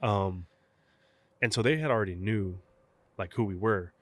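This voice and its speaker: A man's voice: on the low side, moderate pace. A young man, a guest from South Texas, casually telling a story in an interview and acting out both sides of old conversations. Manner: animated storyteller, acts out both sides of phone calls. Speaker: guest, professional baseball catcher.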